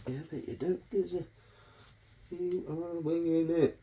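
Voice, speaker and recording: Slow, gravelly man talking to himself. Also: on the high side, fairly even intonation, mellow. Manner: argues with himself, swears freely, cheeky. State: out of breath. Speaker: bonsai hobby vlogger. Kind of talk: casual self-talk while working.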